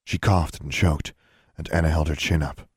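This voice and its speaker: A man reading a story aloud, expressive and giving each character a voice. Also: a bass voice, normal speed, husky, no room sound, clean studio sound. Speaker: audiobook narrator. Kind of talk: storybook narration.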